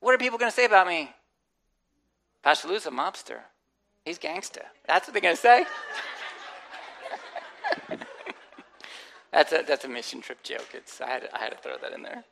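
A woman's voice: sits low, racing, gravelly, hardly any pauses. A woman pastor preaching a conversational sermon, acting out quotes and adding humorous asides. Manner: animated, acts out quotes and inner voices.

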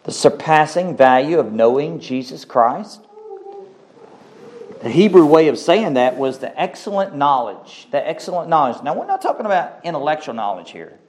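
A man preaching a sermon, emphatic and repetitive, slowing down to stress scripture and asking the congregation questions. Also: a little high. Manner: emphatic, repeats key phrases, asks the congregation questions; slows down to stress scripture quotes.

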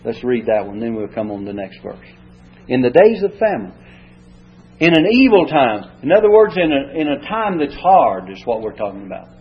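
A man's voice: medium pitch, very animated, normal speed, slightly rough. A man preaching a sermon, reading scripture and explaining it in folksy, homespun words. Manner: folksy, retells stories in plain homespun words. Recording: dull lo-fi recording.

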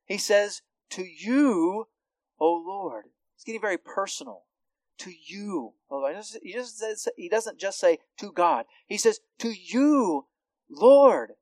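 A man preaching a sermon, moving from low, quiet explanation to loud, impassioned calls. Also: no room sound, low-quality recording. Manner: swings from quiet to loud, impassioned when calling out. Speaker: pastor.

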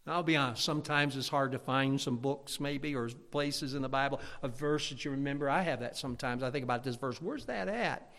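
A man preaching a sermon, swinging between loud fervent passages and quiet intimate asides. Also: medium pitch, fairly quick, few pauses. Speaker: pastor.

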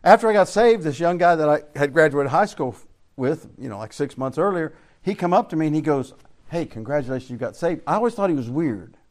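A man's voice: a little high, lively intonation, fairly quick, a little mellow. An older man from Central Florida, teaching a Bible class in a preaching style, telling folksy stories, asking rhetorical questions and chuckling often.

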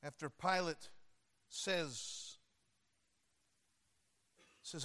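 Male preacher, high and bright, slow dramatic delivery, big hall reverb. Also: lively intonation. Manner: dramatic storytelling with sudden shouted crowd cries and hushed lows. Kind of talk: sermon. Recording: long reverb of a large hall.

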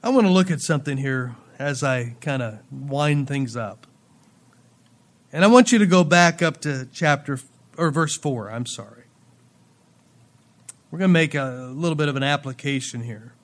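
A man preaching a sermon, reading scripture aloud and then explaining it with playful asides, swinging between loud emphasis and quiet drops. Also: medium pitch, lively intonation, moderate pace, long pauses. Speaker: pastor.

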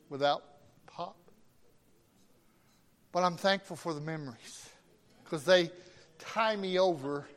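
A middle-aged man, a pastor, telling a folksy story in a sermon with animated quoted voices. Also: fairly high pitch. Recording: long reverb of a hall.

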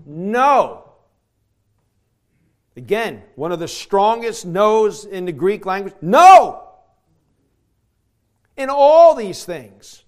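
A man preaching a sermon, emphatic, moving from hushed reflection to shouted declarations. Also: sits high. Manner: emphatic, swings from quiet to shouting.

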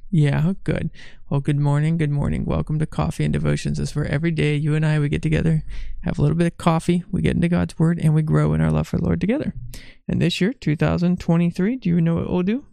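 A middle-aged father with a gravelly, creaky edge to his voice leads a gentle home devotion. He coaxes a small child along between passages and reads scripture aloud. The sound is dry and close, with little room around it. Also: on the high side, fairly even intonation, quick pace, dry recording. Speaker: father leading a family devotion. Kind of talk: casual devotional chat with Bible reading.

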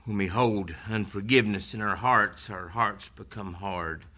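Bright-voiced man preaching a sermon. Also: fairly low pitch, a little slow. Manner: earnest, conversational preaching that retells scripture stories.

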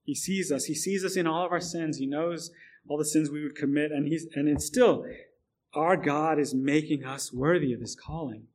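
A man preaching a sermon, his voice sitting a bit high. He talks earnestly, stumbling over restarts and repeated words. At times he builds up through long lists of phrases. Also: normal speed.

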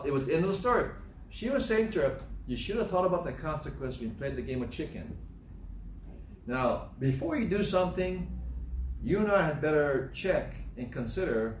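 A man with a somewhat high voice lectures on consequences, piling up repeated phrases and dry sarcasm. He sounds set back from the mic in a roomy space. A faint hiss runs underneath. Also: distant mic. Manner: repetitive, emphatic storytelling; sarcastic asides. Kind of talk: moralizing talk commentary.

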